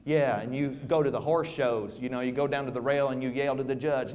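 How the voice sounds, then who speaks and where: A man telling a folk tale, with an animated, folksy delivery and asides to his listeners. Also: mid-range voice, fairly quick, hardly any pauses. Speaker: storyteller.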